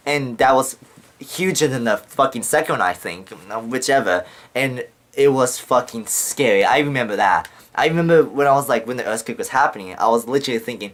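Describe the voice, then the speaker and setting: A man's voice: mid-range voice, fairly quick, a bit bright. Young man rambling with heavy swearing. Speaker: vlogger. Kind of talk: casual storytelling to camera.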